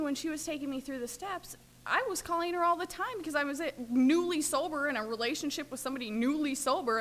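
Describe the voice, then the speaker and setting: Woman, recovery meeting share, earnest, loose and rambling, somewhat higher voice. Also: fairly bright tone. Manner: rambling, earnest, many fillers. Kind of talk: personal sharing talk.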